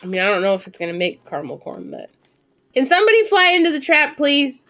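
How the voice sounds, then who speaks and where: A woman in her twenties streaming live gameplay commentary, chatting and thinking aloud, with sudden excited squeals and casual swearing. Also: high-pitched, quick pace.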